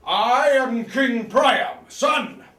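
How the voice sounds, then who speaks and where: A man putting on a shrill mocking falsetto. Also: pushed and bright, reverberant, recorded from a distance, full character voice. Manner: drawn-out, high, theatrical. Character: mocking falsetto movie-character parodies, male.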